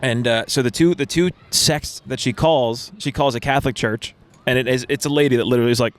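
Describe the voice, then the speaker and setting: Fast-talking young man, rambling. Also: mid-range voice. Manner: rambling storyteller, acts out quoted voices. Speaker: podcast co-host. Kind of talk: casual chat.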